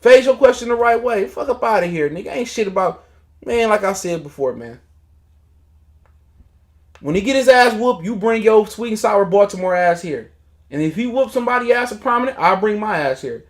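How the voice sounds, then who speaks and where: Boxing stream guy going off, kinda high voice, cussing and mocking. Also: lively intonation, moderate pace. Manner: heated, profane, mocking, laughing. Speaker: boxing talk show host. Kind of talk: casual livestream rant.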